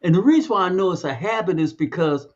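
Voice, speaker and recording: Fast, animated, and high-pitched, a podcast co-host keeps the casual chat loose, drawing out words for emphasis over dull-sounding audio.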